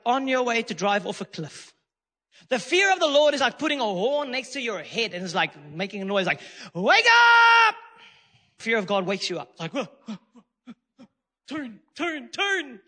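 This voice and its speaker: A man delivering a sermon in a strikingly high, bright and forceful voice. He preaches emphatically, swinging from loud declarations to quieter asides, with laughs between points. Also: in a large hall. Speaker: pastor.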